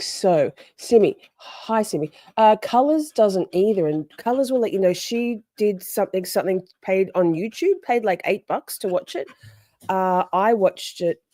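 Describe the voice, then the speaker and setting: A woman's voice: mid-range voice, a little slow, mellow, dry recording. A woman hosting a casual livestream, rambling chattily and greeting viewers by name. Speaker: livestream host.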